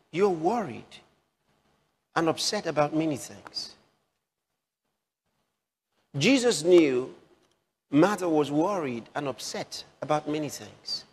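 Slow-preaching man in a reverberant hall. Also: a little high, creaky. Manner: slow, repeats phrases for emphasis, drawn-out pauses. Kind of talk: sermon.

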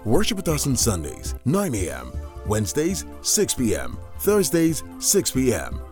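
A man reading a scripted church radio announcement in a measured way. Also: medium pitch, wildly swooping pitch, a little mellow, soft background music. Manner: measured, reads out details slowly.

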